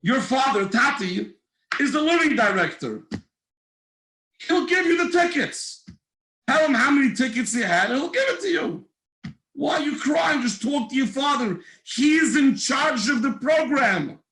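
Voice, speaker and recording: A man's voice: very high-pitched, big pitch swings, moderate pace, pauses often, bright, forceful tone, reverberant, pitched above the performer's own voice, heavily acted. A man voicing a bossy older sister who insistently scolds her younger brother. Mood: scolding. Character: impatient teenage girl, bossy older sister.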